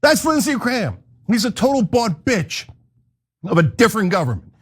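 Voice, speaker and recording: American guy ranting hard on his show, high-ish voice, swings up and down a lot, swears. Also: sing-song, moderate pace, breathy edge. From United States. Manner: heated, blunt, profane. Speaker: host. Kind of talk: political commentary rant.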